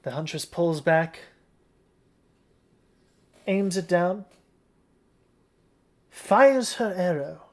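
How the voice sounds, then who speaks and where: A game master narrating a tabletop game in a relaxed storytelling manner. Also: mid-range voice, very slow, long pauses. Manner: relaxed storytelling, with occasional restarts.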